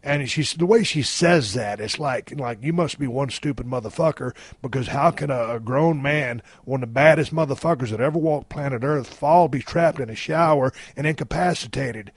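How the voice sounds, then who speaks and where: A man in his fifties hosting a podcast, telling a story in a blunt, heavily profane, animated way. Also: medium pitch, moderate pace, few pauses, husky. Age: 50s. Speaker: podcast host.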